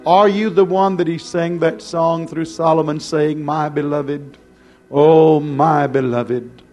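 Slow, pleading male preacher. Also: fairly high pitch, steady tone, darkish tone, faint music behind. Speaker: pastor. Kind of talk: sermon.

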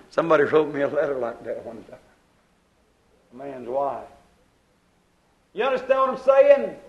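Man preaching, high-pitched voice, dramatic swings from loud to low, acts out quoted prayers. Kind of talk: sermon.

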